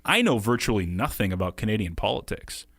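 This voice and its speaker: An American man co-hosting a podcast, talking casually and quickly, laughing often. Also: on the low side, very animated, fairly bright tone, no room sound, clean studio sound. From United States. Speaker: podcast co-host.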